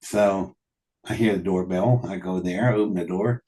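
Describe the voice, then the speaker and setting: A man telling animated anecdotes in a casual conversation, often laughing and quoting what people said. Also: sits low, normal speed. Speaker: guest telling stories. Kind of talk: casual storytelling.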